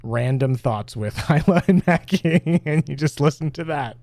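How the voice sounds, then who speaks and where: A woman's voice: low-pitched, a little slow, mellow, dry recording. A woman co-hosting a casual podcast, talking in a rambling, giggly way with lots of fillers. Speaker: podcast co-host.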